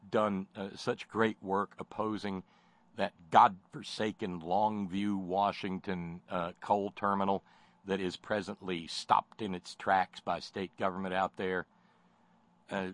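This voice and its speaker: A man giving sardonic spoken commentary, mocking and rambling with many fillers and false starts. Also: low voice.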